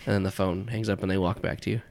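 A man's voice: low voice, flat delivery, fast, a little mellow, no room sound. A man narrating a tabletop game as game master, casual and chatty with lots of fillers and laughter.

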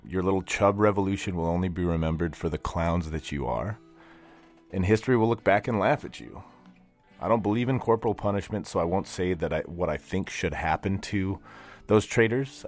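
A man hosting his own podcast from a practice studio, talking in a blunt, profane, angry rant. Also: low voice. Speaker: podcast host. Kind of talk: solo podcast monologue.

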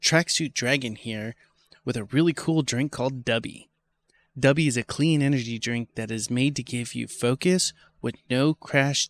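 A man's voice: mid-range voice, a bit bright, no room sound. Man reading a sponsor spot. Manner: slow, careful reading. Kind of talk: read-out ad.

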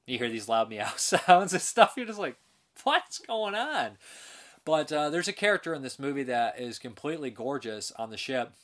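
A man's voice: mid-range voice, a little fast, hardly any pauses, a bit bright. A man hosting a casual film review show, talking in a rambling, enthusiastic way with restarts and laughs.

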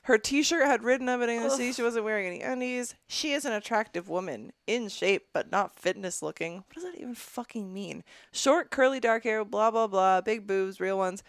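A young woman co-hosting a podcast in a studio reads a listener's letter aloud in a gravelly, somewhat high voice at a moderate pace with few pauses. She keeps stopping to offer blunt, profane, disgusted opinions and laughs frequently. The sound is close, dry and echo-free.

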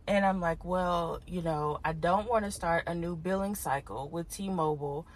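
Exasperated woman telling a story, low voice. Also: unhurried. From Houston. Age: adult parent. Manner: animated, exasperated storytelling with asides to listeners. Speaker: podcast host. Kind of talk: casual storytelling monologue.

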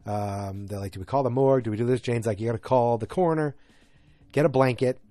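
A man's voice: medium pitch, fast, dark tone, no room sound. A man from north of Boston with a light Boston accent, casually recapping a TV episode and rambling with lots of fillers and asides. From north of Boston, USA.

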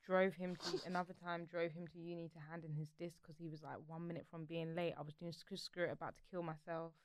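Young woman, quick animated storytelling, smooth crisp voice, dry close sound. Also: lowish voice, no room sound. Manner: animated storyteller, swears freely. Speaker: podcast co-host. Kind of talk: casual chat.

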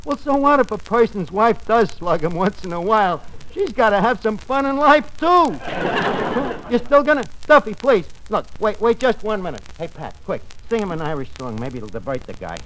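A man playing a fast-talking tavern manager who mangles big words in a 1940s radio comedy. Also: high voice, sing-song, a bit bright. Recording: noisy old radio broadcast.

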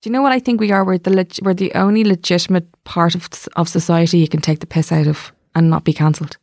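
A woman's voice: on the low side, steady tone, fast, darkish tone, dry recording, studio quality. A woman, an actor, chatting as a guest, teasing and playful, hopping from topic to topic. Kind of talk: casual chat.

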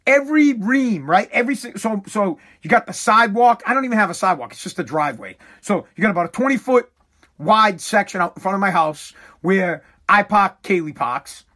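A fed-up man, swearing freely as he rants through a long casual monologue. His voice sits notably high for a man, and his delivery is emphatic and exasperated. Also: bright, forceful tone. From New England. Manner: exasperated, profane, emphatic ranting.

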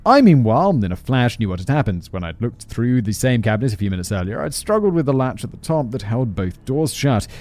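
A man's voice: medium pitch, sing-song, a little fast, few pauses, a little mellow. A man hosting a podcast, reading a story aloud with sardonic, self-mocking asides and casual swearing, close to the microphone. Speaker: podcast host.

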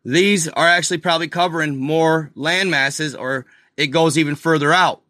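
A man casually talking viewers through old images in a video, excited and incredulous, calling them y'all. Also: a little high, normal speed, no room sound, clean studio sound. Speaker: video host. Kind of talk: casual screen-share commentary.

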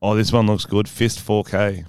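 Giggly male podcast co-host, crisp voice. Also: lowish voice, steady tone, normal speed, a little mellow, no echo. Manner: giggly, laughs often. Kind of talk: casual chat.

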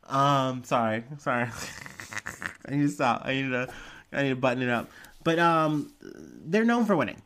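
A man's voice: medium pitch, big pitch swings, measured pace, long pauses, a bit bright. A man from Ohio, hosting a podcast and rambling through casual news commentary with lots of fillers and swearing. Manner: rambling, profane, with frequent fillers and laughs. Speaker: podcast host.

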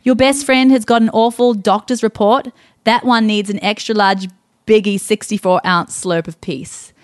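A woman co-hosting a podcast, telling stories with animated, emphatic delivery in a casual faith talk. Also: medium pitch, normal speed. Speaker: podcast co-host.

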